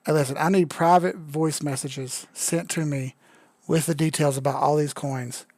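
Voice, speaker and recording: A man's voice: fairly high pitch, steady tone, moderate pace, a little mellow, dry recording. Tipsy, joking man on a live stream. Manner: loose, joking, profane, says he is drunk. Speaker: crypto chart analyst streamer. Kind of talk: casual live-stream commentary.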